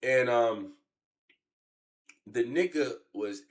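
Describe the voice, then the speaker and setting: A man's voice: lively intonation, normal speed. Profane rambling man in his late thirties. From Chicago. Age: late 30s. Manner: profane, rambling, swings from low mutter to loud shouts. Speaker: streamer. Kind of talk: casual streamed storytelling rant.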